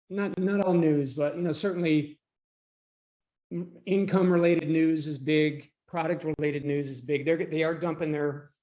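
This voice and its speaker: Higher-voiced male trading coach on a lo-fi call. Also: darkish tone. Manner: chatty, clears throat often. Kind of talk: live online coaching call. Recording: dull lo-fi call audio.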